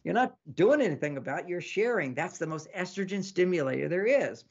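A man's voice: high voice, a little fast, gravelly, husky, lo-fi sound. A man, an author guest in an interview, explaining ideas in a teaching manner and acting out bits of dialogue. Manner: animated, acts out dialogues; teaching, repeats lists. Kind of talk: interview talk.

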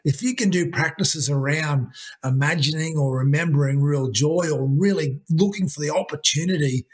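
Husky man, earnest coach. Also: a little high, normal speed. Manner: earnest, repetitive, uses "you know" and "mate". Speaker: interview guest, leadership coach. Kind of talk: conversational interview talk.

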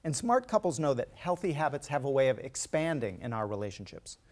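A man professor presenting a talk on relationship research in a clear, explanatory manner. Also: medium pitch, very animated, fairly quick, darkish tone. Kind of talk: scripted talk on couples' health.

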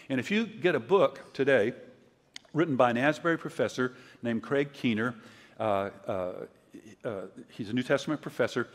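An older man giving a conference sermon, telling stories in a conversational way and acting out quotes loudly. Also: mid-range voice. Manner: conversational storytelling, loud acted quotes. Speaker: preacher. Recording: long hall reverb.

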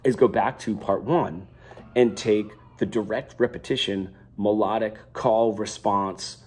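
A man's voice: lowish voice, steady tone, unhurried, slightly rough. A young adult man giving an unscripted guitar lesson, talking loosely with many fillers and restarts. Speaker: guitar teacher.

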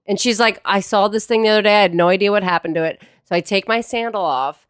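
A woman co-hosting a casual podcast chat, chatty, quick with jokes and often laughing. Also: medium pitch, clean tone, dry recording, studio quality. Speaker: podcast co-host.

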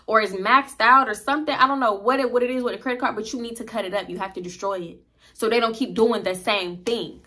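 A young woman in her twenties telling a casual, profane work story in an animated, chatty way. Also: fairly high pitch, quick pace.

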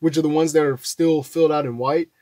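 A man's voice: fairly high pitch, fairly even intonation, a little fast, a little mellow, dry recording. A man chatting casually about an election map in a loose, rambling way, with many fillers and restarts. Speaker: political commentary vlogger.

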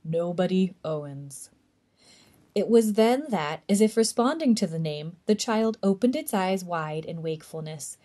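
A woman librarian reading a chapter book aloud for a tween storytime, gentle and even. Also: mid-range voice, normal speed, hardly any pauses.

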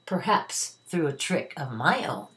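A woman's voice: sits low, very animated, a little slow, fairly bright tone, a little hiss or hum, heavily acted. A woman voicing a hungry, grumpy old male wolf who growls and schemes. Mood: sly.

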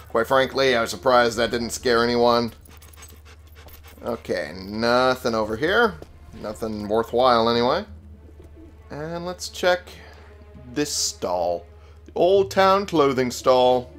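A man's voice: medium pitch, a bit bright. Wry, foul-mouthed young gamer man. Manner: wry, swears freely, talks back to the game. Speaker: let's play gamer. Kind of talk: casual gameplay commentary.

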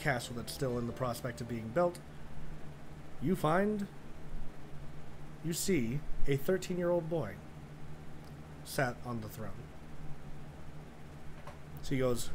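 A man narrating a tabletop game as game master in a relaxed, casual way. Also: medium pitch, takes it slowly, long pauses, a little hiss or hum.

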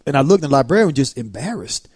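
Animated man telling stories fast. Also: medium pitch, slightly rough, no echo, studio quality. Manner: animated, acts out quotes in raised voice. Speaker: martial arts instructor. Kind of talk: casual storytelling chat.

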